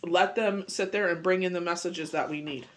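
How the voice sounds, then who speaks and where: A man with a high-sitting, fairly bright voice keeps a steady tone and moderate pace during his casual daily tarot reading. Slight hiss or hum sits under the audio. He rambles with plenty of "you know" and "it's just like," still over a bad cold.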